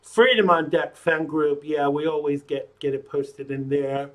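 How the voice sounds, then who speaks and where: A man's voice: on the high side, fairly even intonation, unhurried. A man hosting his own live stream, rambling chattily and talking to himself while he gets ready to go live. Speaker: live-stream show host. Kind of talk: casual pre-show chat to himself.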